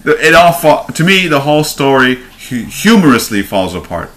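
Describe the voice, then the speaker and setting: A movie reviewer with a mid-range voice chats casually about a film at a normal speed. He's animated and acts out scenes using different voices.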